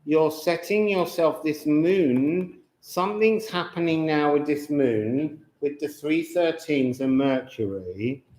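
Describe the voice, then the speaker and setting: A man reads tarot and astrology cards to his viewers, musing slowly and drawing words out, with chatty asides. His voice sits a little high. The room around him is echoey. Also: darkish tone. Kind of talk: unscripted card reading to viewers.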